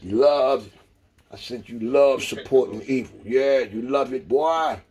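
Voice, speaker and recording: A man's voice: mid-range voice, a little slow, mellow. A man doing a profane, preachy rant into the camera, hammering the same phrases over and over. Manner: repetitive, emphatic, preachy. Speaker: vlogger. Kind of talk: profane street-talk rant.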